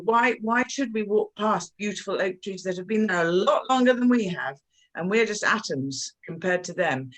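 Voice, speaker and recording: A woman and children's author talking effusively about her books at a launch interview, with many halting fillers and animated storytelling. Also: lowish voice, rough recording.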